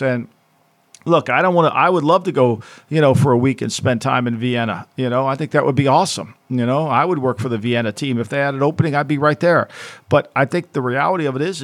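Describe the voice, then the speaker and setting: A man with a mid-range voice gives his views as a former football executive on a casual podcast. He rambles, repeats himself and circles back to his point. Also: mid-range voice. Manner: rambling, repetitive, with many restarts. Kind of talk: casual sports talk.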